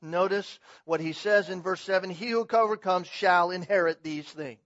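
A middle-aged male pastor preaching a sermon, swinging from loud emphatic declarations to quiet, conversational asides. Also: high-pitched, normal speed, hardly any pauses, no room sound. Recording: dull, slightly muffled, dry sound.

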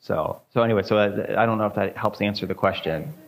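Male pastor, low voice, informal teaching, hesitant and repetitive delivery. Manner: halting, many ums and repeated words. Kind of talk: informal church teaching and discussion.

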